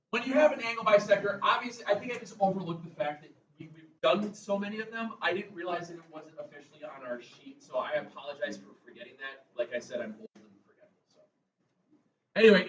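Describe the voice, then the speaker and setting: A male math teacher giving a classroom lecture, chatty and drifting into jokey asides. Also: high-pitched. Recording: echoey classroom, mic far off, muffled, faint room noise.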